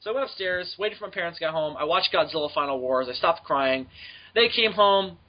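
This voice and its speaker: High-voiced young man telling a profane story. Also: brisk. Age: young adult. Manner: profane, animated, acts out voices in his stories. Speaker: podcast host. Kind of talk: casual storytelling chat. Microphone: home mic on a voice call. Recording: muffled lo-fi call audio.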